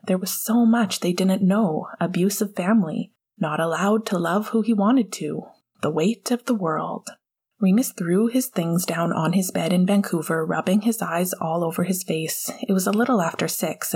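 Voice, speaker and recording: A woman reading fan fiction aloud as a narrator, soft and measured. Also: fairly low pitch, husky. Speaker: audiobook narrator.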